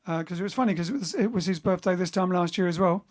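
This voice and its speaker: During lockdown, a man leads his band's livestream from home as bandleader and singer, talking fast in a high voice. His between-song chatter is casual, rambling, and self-correcting.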